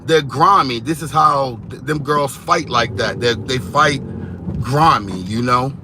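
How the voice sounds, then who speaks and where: A man giving rambling, animated gossip commentary on reality TV, repeating himself as he goes. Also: medium pitch, measured pace, noisy background.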